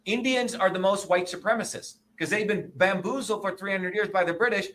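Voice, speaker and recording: A man in his sixties, a guest in an interview, talking in a combative, profane and emphatic way, often pausing to ask "okay?" or "you see?". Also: high-pitched, a bit bright, a little hiss or hum. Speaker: interview guest, presidential candidate.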